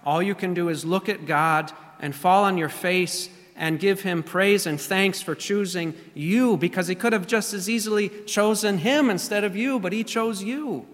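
A man with a somewhat high voice delivers a sermon as pastor. He speaks deliberately, repeating key phrases and drawing out his emphasis. His voice rings with the long reverb of a church hall. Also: fairly bright tone. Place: church sanctuary.

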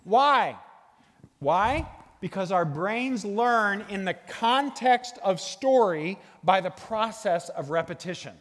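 A middle-aged man giving a guest sermon in a church, animated and jokey, talking to a live audience. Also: sits high, slow. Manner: animated, jokey, bursts into sung movie lines. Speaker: guest speaker. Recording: long hall reverb.

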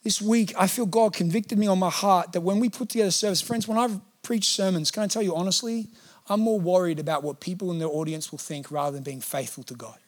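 A man's voice: high voice, quick pace. A man preaching a sermon in a church, talking earnestly and conversationally and acting out quotes. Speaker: pastor. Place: church hall.

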